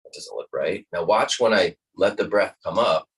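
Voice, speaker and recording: A man teaching a guided breathing lesson, calm and instructive, demonstrating each breath aloud. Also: deep voice, moderate pace, breathy edge, distant mic, poor audio.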